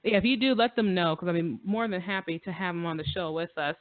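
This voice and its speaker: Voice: mid-range voice, quick pace, dry recording. A radio talk show host chatting in a casual, effusive way, full of fillers and repeated phrases. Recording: dry phone-line audio.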